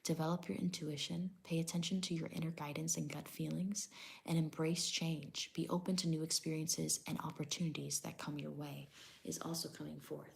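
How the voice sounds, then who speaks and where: Low gravelly-voiced woman reading tarot. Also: flat delivery, moderate pace. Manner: hedging, repeats "I don't know" and "I'm getting that vibe"; reads definitions aloud from a tablet. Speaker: tarot reader.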